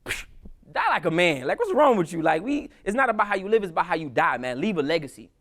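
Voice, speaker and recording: A woman's voice: on the low side, very animated, fast, fairly bright tone. A man voicing a fearless, defiant woman rebel general who talks scornfully and commands.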